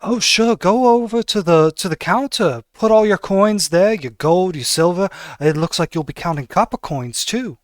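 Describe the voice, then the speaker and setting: A man voicing a smooth, elegant male tailor who takes orders for murders, talking in a polite, silky and ominous way, in a tabletop game. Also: a little high, animated, unhurried, a bit bright, dry recording. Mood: grandly persuasive.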